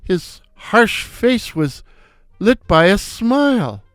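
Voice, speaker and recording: An older man narrating a comic story in a wry, unhurried way. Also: sits high, very animated, fairly bright tone, dry recording, studio quality, faint music behind. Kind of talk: scripted narration.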